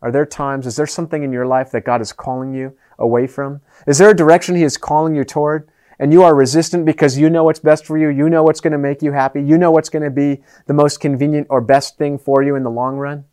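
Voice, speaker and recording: A man preaching a sermon as pastor, earnest, moving between raised and hushed delivery. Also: fairly high pitch, flat delivery, fast, smooth.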